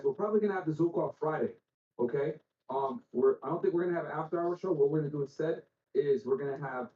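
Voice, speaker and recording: A man's voice: on the high side, roomy sound, recorded from a distance, lo-fi sound, slight background noise. A man hosting a podcast, chatting casually with slang and swearing, loose and full of fillers. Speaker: podcast host.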